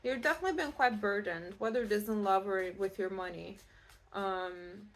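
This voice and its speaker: A woman's voice: mid-range voice, normal speed. Give me a reassuring Scottish woman chatting through a tarot reading. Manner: chatty and reassuring, many fillers and restarts. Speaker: tarot reader. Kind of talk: casual pick-a-card tarot reading.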